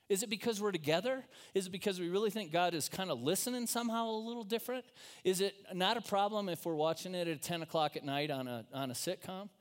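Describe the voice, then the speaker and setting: A man preaching a sermon in a casual, joking, conversational way to his congregation in church. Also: a little high. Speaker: pastor.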